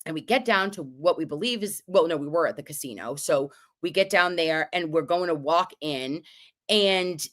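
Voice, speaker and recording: A woman hosting a casual livestream recap, telling a story in an animated way and swearing often. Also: low voice, normal speed. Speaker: livestream host.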